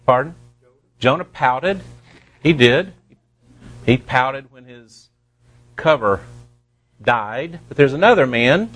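A pastor preaching a sermon to his congregation, slowing down to stress key words and dropping playful asides. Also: medium pitch, lively intonation, fairly bright tone, breathy edge, faint music behind.

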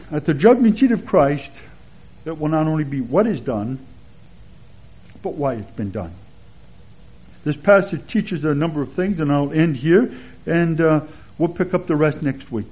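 A man with a slightly raised, husky voice teaches a sermon in an easy, chatty way, moving through verses and personal stories. The recording is dull and lo-fi, as on an old sermon tape. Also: a little high, unhurried, long pauses. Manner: relaxed, chatty, with anecdotes and chuckles. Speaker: Bible teacher. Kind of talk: conversational expository sermon.

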